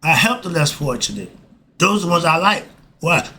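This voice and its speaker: A man's voice: a little high, big pitch swings, moderate pace, sharp tone. An older man giving life advice in a casual monologue, folksy and emphatic, breaking off with frequent asides.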